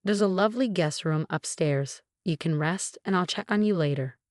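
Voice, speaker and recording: A woman's voice: on the low side, normal speed, a little mellow, dry recording, clean studio sound, lightly acted. A woman reading as an icy, snobbish mother-in-law. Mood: cold, dismissive. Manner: smooth, icy, dismissive.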